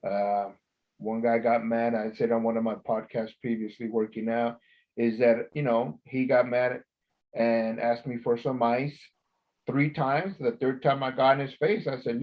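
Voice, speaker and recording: A man telling blunt, profane stories in a casual podcast chat, growing loud when he quotes himself. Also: mid-range voice, fairly even intonation, measured pace, muffled recording. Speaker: former corrections officer, co-host.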